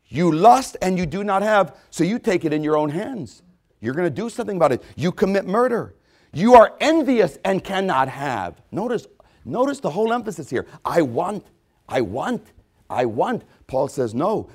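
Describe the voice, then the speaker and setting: Male pastor, slightly high voice, emphatic sermon delivery. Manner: emphatic preaching with repetitions and quoted voices.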